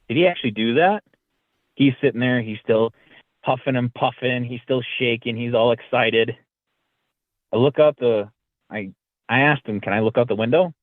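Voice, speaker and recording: On a dry, tinny line that sounds like a phone, a man with a mid-range voice guests on a podcast. He narrates a story in a relaxed way, livening it up by acting out the lines he quotes.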